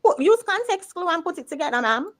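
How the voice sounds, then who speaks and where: A woman's voice: very high-pitched, very animated, fairly quick, no room sound. Female, sarcastic pointed delivery, dry close recording.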